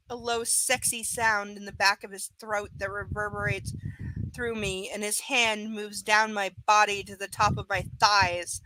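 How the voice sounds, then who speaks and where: A woman with a fairly high, bright voice reads a novel aloud live. She stops often for blunt, profane asides to her audience. The sound is close and dry. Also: no echo, rough recording. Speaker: live book reader. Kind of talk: live reading with blunt commentary.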